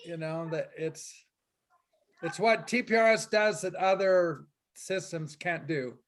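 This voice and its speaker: High-voiced man teaching Spanish online. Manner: encouraging, storytelling with quick asides. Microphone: video call.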